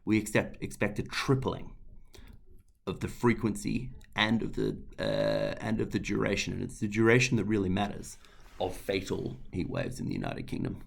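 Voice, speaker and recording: A man with an Australian accent giving an energetic webinar presentation, stressing key points through repetition. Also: fairly low pitch, moderate pace, creaky. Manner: energetic, emphatic, repeats key phrases. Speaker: guest speaker.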